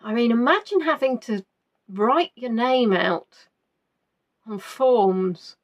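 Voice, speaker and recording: A woman's voice: on the high side, lively intonation, takes it slowly, muffled recording. Chatty woman hosting a quiz. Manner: chatty and playful, repeats answers aloud, muses between questions. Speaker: quiz host. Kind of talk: live-stream quiz, reading out viewers' answers.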